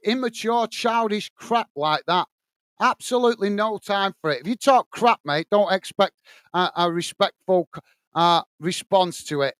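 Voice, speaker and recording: Man from england, football watch-along host, blunt and direct, high voice, dry close sound. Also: normal speed, no echo. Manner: blunt, irritated ranting at a commenter; calm play-by-play description. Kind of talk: live match commentary and chat with viewers.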